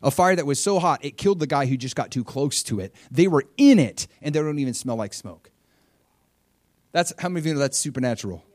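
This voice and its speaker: A man preaching a sermon, telling a story with lively swings between loud, high bursts and quiet, low asides, and acting out the quotes. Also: brisk, no room sound, clean studio sound. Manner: animated storytelling, acting out quotes with big swings in pitch and loudness. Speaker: pastor.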